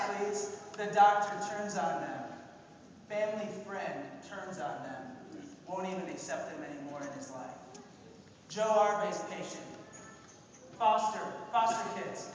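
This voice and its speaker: A man delivers a fiery, preacher-style talk and keeps throwing questions back at his audience. His voice sits high for a man. He is recorded from a distance in a large hall with long, booming reverb. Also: a little hiss or hum. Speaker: speaker at an event. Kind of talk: impassioned public talk. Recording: echoey hall, distant mic.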